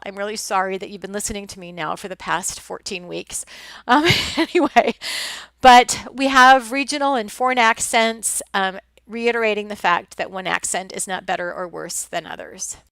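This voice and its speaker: A woman's voice: mid-range voice, moderate pace, vocal fry, fairly bright tone, clear, resonant tone, dry recording. A woman with a Midwestern American accent, a college instructor talking through slides in a chatty lecture full of ums and restarts. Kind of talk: recorded lecture over slides.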